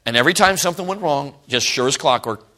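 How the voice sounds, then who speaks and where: Middle-aged man, preacher, sermon, bright tone, folksy storytelling, laughs often. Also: fairly high pitch, quick pace. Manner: folksy storytelling, frequent "you know what I'm talking about"; laughs often, animated swings between loud and hushed.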